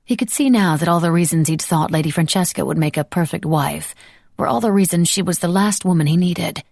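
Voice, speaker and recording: Brief: audiobook narrator, woman, gravelly texture, dry close sound. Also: fairly low pitch, a little fast, a little mellow, no echo.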